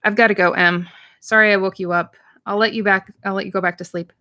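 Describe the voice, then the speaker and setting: A woman's voice: medium pitch, fairly even intonation, fast, bright, forceful tone. Woman reading a novel aloud. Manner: plain reading with light voicing of dialogue, occasional slips and restarts. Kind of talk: read-aloud narration of a novel.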